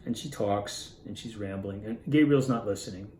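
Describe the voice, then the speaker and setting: In a low, warm voice at an ordinary pace, a man retells a classic story and explains it, earnest and informal, thinking out loud and correcting himself. The poor recording is reverberant, with a little hiss or hum.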